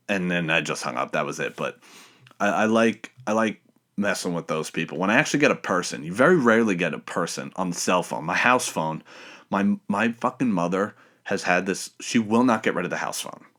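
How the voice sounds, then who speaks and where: A man's voice: deep voice, a bit bright. A man hosting a podcast alone, telling rambling, profane stories in a casual way. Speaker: podcast host.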